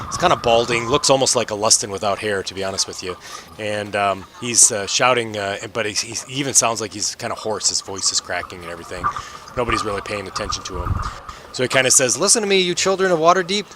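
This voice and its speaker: A man's voice: on the low side, fast. A man in a casual, rambling way of speaking, narrating as game master of a tabletop game, full of fillers. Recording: noisy home mic.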